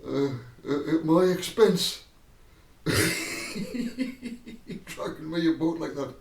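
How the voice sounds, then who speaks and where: A man's voice: a little high, slow pace, creaky. Chuckling man, echoey room. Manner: chuckling, digressive, keeps breaking into laughter. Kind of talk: rambling anecdote to camera. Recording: roomy echo, mic at a distance.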